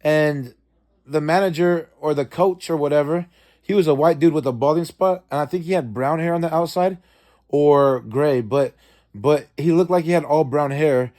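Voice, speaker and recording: A man casually recounting a dream in a rambling, profane way, with many fillers and restarts, and he acts out quoted lines with sudden jumps in pitch. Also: moderate pace, darkish tone.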